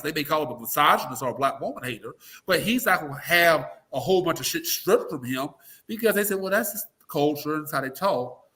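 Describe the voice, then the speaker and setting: A man with a somewhat high voice speaks bluntly and emphatically as a guest in an interview. He swears freely and slips into the voices of the people he quotes. His delivery is opinionated and forceful. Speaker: political guest, talk radio personality.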